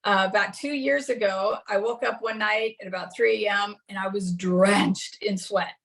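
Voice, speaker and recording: A middle-aged woman leads a class in a relaxed, conversational way. She tells her own story with light laughs, at a medium pitch for a woman. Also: moderate pace. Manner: chatty and anecdotal, laughs often. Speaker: class presenter. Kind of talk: casual teaching talk.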